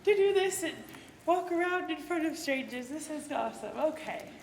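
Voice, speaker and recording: A woman's voice: high-pitched, animated, normal speed, gravelly. Flustered woman improvising on a stage. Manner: flustered, bewildered. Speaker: audience volunteer. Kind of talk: improvised acting. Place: convention hall stage. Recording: echoey hall with loud crowd noise.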